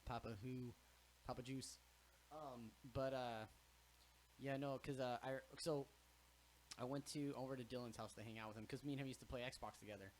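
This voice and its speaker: Young guy podcast host, rambling animated stories, lots of swearing, bit of hiss behind him. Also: medium pitch, moderate pace. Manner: animated storyteller, swears freely, acts out quotes. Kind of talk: casual chat.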